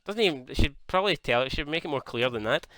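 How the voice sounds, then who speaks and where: A young man from Scotland giving casual, jokey commentary on a wrestling video game, swearing freely and getting excited. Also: on the high side, fast talker, no echo. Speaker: gaming YouTuber.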